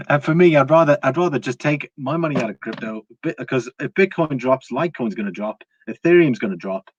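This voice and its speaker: A man's voice: medium pitch, animated, fairly quick, husky, no echo. A British man hosting a casual live stream, reading out viewer comments and rambling through his views with lots of "uh" and restarts. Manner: rambling, with frequent fillers and restarts. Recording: dry, slightly dull lo-fi sound.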